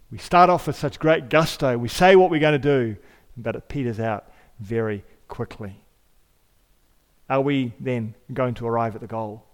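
A male pastor preaching a sermon in a church. He talks conversationally, asks rhetorical questions and repeats key phrases. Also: medium pitch. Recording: long hall reverb.

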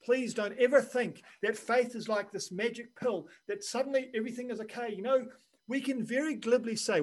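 A man preaching a sermon in an earnest, measured way, dropping quiet and then rising for emphasis. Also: very high-pitched, low-quality recording. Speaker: pastor.

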